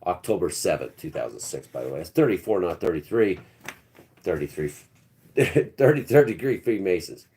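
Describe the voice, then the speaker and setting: A man's voice: deep voice, sing-song, normal speed, warm tone. A man hosting a live stream, telling a long personal story in a rambling, blunt, earthy way.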